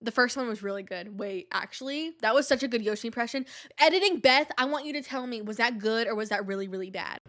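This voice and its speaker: A woman with a fairly high voice and a stuffy nose hosts her own podcast. She talks in loose, casual chat, drifting off topic and leaning on "like" constantly. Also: fast talker, a bit bright. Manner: rambling, digressive, heavy use of "like". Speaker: podcast host.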